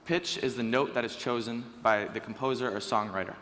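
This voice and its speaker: A teenage boy speaks on stage in a lively, joking way, his voice bright and forward. His words ring out with a long reverb from a large hall, and a faint room ambience sits beneath. He talks at a medium pitch in a relaxed, conversational tone. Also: fairly quick, a little hiss or hum. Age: teens. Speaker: student speaker. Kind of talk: stage talk to an audience. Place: school auditorium.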